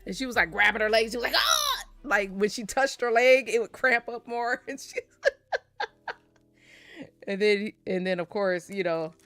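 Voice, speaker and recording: A woman's voice: mid-range voice, lively intonation, unhurried, fairly bright tone, no echo, soft background music. A young adult woman vlogger chatting casually and laughing often while opening card packs.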